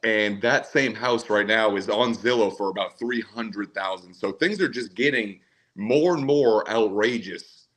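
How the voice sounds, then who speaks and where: Lower-voiced guy from maine calling in, easygoing, rambles a bit. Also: a little slow, fairly bright tone, rough recording. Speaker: caller. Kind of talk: casual call-in chat.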